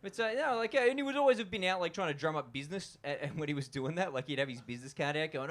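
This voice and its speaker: A man's voice: on the high side, animated, racing, few pauses, fairly bright tone. A young man with an Australian accent doing a loose, chatty stand-up comedy set at a live venue, full of fillers and asides to the crowd.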